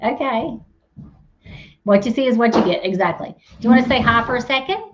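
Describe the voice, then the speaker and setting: A woman's voice: fairly high pitch, fairly quick, lo-fi sound. Chatty woman hosting a farm channel. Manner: chatty, rambling, laughs and teases. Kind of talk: casual live chat with viewers.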